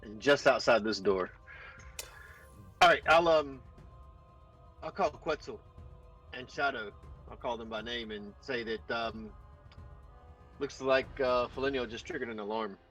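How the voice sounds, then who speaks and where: A man's voice: mid-range voice, a little slow, long pauses, a bit bright, lo-fi sound, faint music behind. A man playing a tabletop game, talking through plans with hesitant fillers. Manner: hesitant, thinking aloud with fillers. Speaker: player. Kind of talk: tabletop game play on a live stream.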